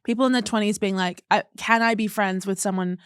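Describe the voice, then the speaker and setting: A woman's voice: medium pitch, a little fast, clean tone, no room sound, clean studio sound. Chatty Australian woman storyteller. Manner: lively storyteller, explains studies in detail. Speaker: podcast guest. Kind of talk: casual chat.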